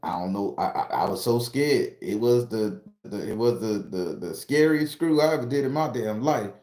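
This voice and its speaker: A man from southern Florida telling a wild personal story in a casual, profane, rambling way, climbing higher and louder as he gets worked up. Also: moderate pace. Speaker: storytelling channel host. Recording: roomy echo.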